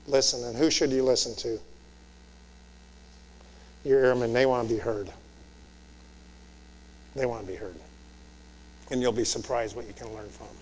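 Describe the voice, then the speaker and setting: A military commander in his fifties, with a medium-pitched, slightly mellow voice, gives officer students a direct motivational talk on leadership. He poses rhetorical questions and keeps checking in with "Okay?" The recording has the long reverb of a large hall.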